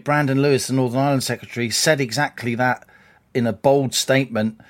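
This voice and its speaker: A man co-hosting a political podcast, talking in a wry, brisk, explanatory way. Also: medium pitch, steady tone. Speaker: co-host. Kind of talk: casual political podcast chat.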